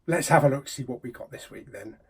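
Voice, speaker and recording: A man's voice: medium pitch, a little fast, very noisy. A man hosting a casual, jokey unboxing vlog, often dropping into whispered asides. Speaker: YouTube host.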